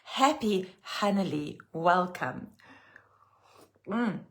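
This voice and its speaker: A loud, chatty middle-aged woman with a South African accent, hosting a rambling livestream devotional, laughing often and answering viewer comments. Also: on the low side, lively intonation, drawn-out words. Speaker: pastor and prophetic minister. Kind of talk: casual livestream devotional chat.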